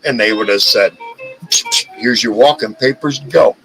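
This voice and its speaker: A man's voice: mid-range voice, measured pace, pauses often, fairly bright tone, low-quality recording. Man, livestream host, heated profane rant, stumbling repeats, mid-range voice, faint music behind. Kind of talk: casual live-stream rant.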